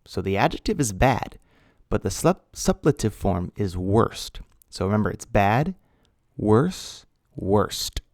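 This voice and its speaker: A man teaching an English grammar lesson, speaking slowly and deliberately, spelling out letters and repeating key words. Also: on the low side, very animated, a little mellow, no echo, studio quality. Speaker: ESL teacher.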